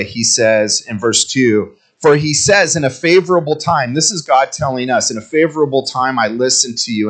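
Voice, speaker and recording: A man, a pastor, preaching a sermon in a conversational, storytelling way, with lively swings in pitch.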